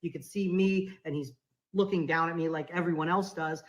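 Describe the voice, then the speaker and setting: A woman's voice: on the low side, normal speed, poor audio. A woman guest on a podcast telling a story in a conversational way, acting out the lines of the people in it. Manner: animated, acts out quoted dialogue.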